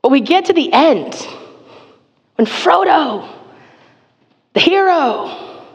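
A woman's voice: sits high, sing-song, slow pace, dull audio. A woman giving a conversational sermon, candid and chatty with frequent filler words and self-deprecating asides. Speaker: preacher teaching a Psalm. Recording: long reverb of a large hall.

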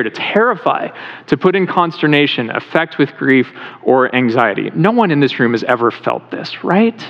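A male pastor giving a conversational sermon in a church, asking the congregation questions as he goes. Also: medium pitch. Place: church sanctuary. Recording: reverberant hall, dull lo-fi sound.

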